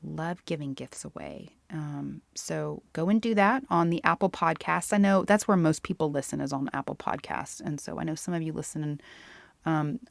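A woman's voice: low-pitched, normal speed, creaky, no echo. A woman hosting her own podcast, talking casually and directly to the listener as her friend. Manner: chatty, warm-hearted, addresses listener as "my friend". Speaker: podcast host. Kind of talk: casual solo podcast monologue.

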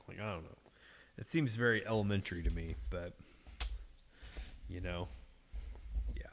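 A man's voice: low voice, normal speed, gravelly, long pauses, slight background noise. A man co-hosting a podcast, venting in a profane, exasperated casual chat. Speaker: podcast co-host.

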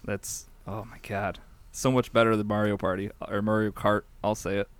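A man's voice: fairly low pitch, level tone, normal speed, clean tone. A man co-hosting a casual gaming podcast, teasing and playful. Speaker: podcast co-host.

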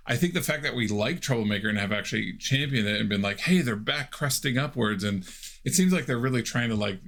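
A man's voice: lowish voice, lively intonation, quick pace, creaky, a bit bright. A man hosting a casual podcast chat, rambling and hesitant, restarting his thoughts. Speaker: podcast host.

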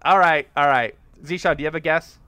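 A man hosting a casual movie podcast, animated and quick to laugh. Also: on the high side, clean tone, no echo. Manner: animated, laughs often, jokey. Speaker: podcast host.

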